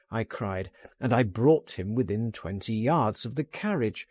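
A man narrating a first-person audiobook, reading in an urgent, coaxing manner with lively emphasis. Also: on the low side, unhurried, no room sound.

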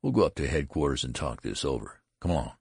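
A man's voice: rumbling low, sing-song, quick pace, creaky, darkish tone, slightly rough, dry recording, heavily acted. A man voicing a stern but amused army colonel who talks down to a small boy in a dry, commanding way. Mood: gruffly amused.

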